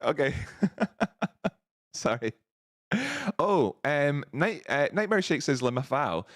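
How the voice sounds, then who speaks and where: A man's voice: fairly high pitch, lively intonation, very slow, dry recording, clean studio sound. A man hosting a live stream, chatting casually, laughing often and reading out viewers' messages. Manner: chatty, laughs often, reads chat aloud.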